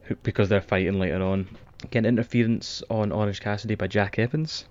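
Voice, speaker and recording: A man's voice: on the low side, steady tone, fairly quick, a little mellow. A man, co-hosting a podcast in a laid-back, blunt and sweary way. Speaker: podcast co-host. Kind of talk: casual wrestling podcast chat. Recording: dull lo-fi mic.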